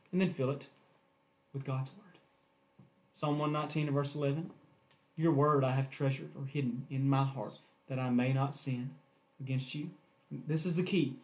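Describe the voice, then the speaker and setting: A man preaching a sermon to his church, rising to emphatic points and dropping to quiet appeals. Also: medium pitch. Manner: preaching with emphatic rises and hushed drops. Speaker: pastor.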